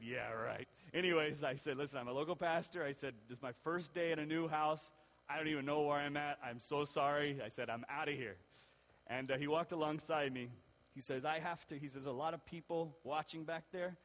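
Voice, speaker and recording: A male pastor telling a personal story in a sermon, lively and acting out the voices of the people in it. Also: a little high, fairly quick. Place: church. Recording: long reverb of a church hall.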